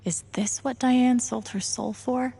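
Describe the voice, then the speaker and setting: Gravelly, sardonic woman streamer. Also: fairly high pitch, steady tone, measured pace, warm tone. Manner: dry, sardonic asides. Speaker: game streamer. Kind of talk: casual live commentary while playing.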